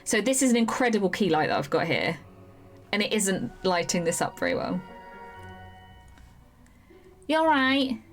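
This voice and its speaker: A woman's voice: on the low side, sing-song, faint music behind. A woman from the United Kingdom, a live streamer and voiceover artist, chatting casually and rambling with frequent laughs. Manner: chatty, rambling, laughs often, slips into quick impressions. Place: home room at night.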